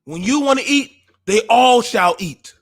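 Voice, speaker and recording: A high-pitched man, speaking on a livestream. He lectures with deep emotion and a preacher's rhythm, pushing his voice up into shouts. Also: animated, measured pace. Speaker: podcast host. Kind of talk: impassioned livestream monologue.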